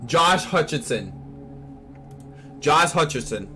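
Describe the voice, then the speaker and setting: A young man hosting a casual reaction vlog on a desk mic, rambling excitedly and repeating himself. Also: fairly high pitch, normal speed, over music. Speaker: channel host reacting to a trailer.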